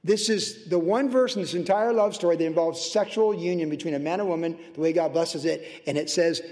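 A passionate man preaching from the pulpit, his voice pitched high and swinging between fervent bursts and hushed, tender asides. The sermon carries a long, ringing church reverb. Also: creaky. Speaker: pastor. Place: church sanctuary.

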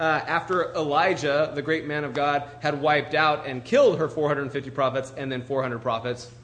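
A man's voice: fairly high pitch, a bit bright. A man preaching, retelling a Bible story in an informal, conversational way with frequent asides and restarts.

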